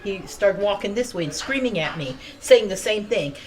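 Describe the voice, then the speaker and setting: An American woman giving an eyewitness account to a reporter outdoors at a street scene, telling her story excitedly and acting out what people said. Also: medium pitch, normal speed. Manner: excited storytelling, acts out quotes. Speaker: eyewitness neighbor. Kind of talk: on-scene news interview.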